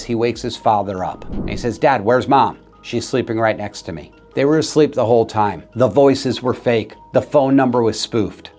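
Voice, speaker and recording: A man, a real estate agent telling a story in an earnest, conversational way to camera. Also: fairly low pitch. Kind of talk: talking-head video.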